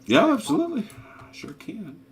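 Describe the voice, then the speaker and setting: A man's voice: very high voice, huge pitch swings, moderate pace, a little hiss or hum. A man refereeing a tabletop naval wargame in casual chat, calling out dice rolls and results. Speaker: game referee.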